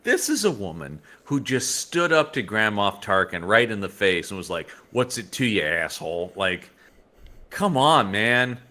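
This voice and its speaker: A man's voice: lowish voice, big pitch swings, measured pace, pushed and bright. A man co-hosting a casual podcast, chatting about comics and acting out characters' lines with laughs. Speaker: podcast co-host.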